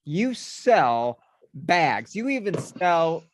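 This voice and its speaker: A man's voice: a little high, big pitch swings, very slow, dry recording. A man hosting a casual interview, teasing his guest and chuckling along. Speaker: host.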